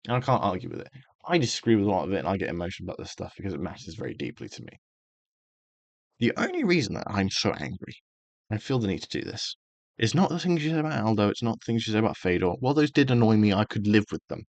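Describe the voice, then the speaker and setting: A fired-up man rants straight into a close mic, swearing often and pressing every point hard. His voice sits fairly low, and the sound is dry with no room echo. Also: big pitch swings, fast talker. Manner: heated, sweary, emphatic. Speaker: karate channel host. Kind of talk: angry opinion rant.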